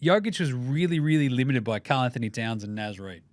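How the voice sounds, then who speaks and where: A man's voice: medium pitch, fairly quick, no room sound, studio quality. A man with an Australian accent hosting a casual sports commentary show, jokey and full of swearing. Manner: profane, jokey, animated. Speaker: podcast host.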